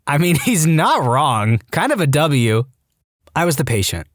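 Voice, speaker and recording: Guy reading reddit stories, super lively up-and-down voice, dead dry booth sound. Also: measured pace, dry recording. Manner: animated reading that jumps into high-pitched acted quotes. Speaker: podcast narrator.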